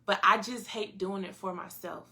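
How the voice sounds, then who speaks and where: A woman from North Carolina with a Southern accent, co-hosting a podcast in a relaxed, casual chat and laughing often. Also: mid-range voice, moderate pace, a little hiss or hum. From North Carolina, USA. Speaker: podcast co-host.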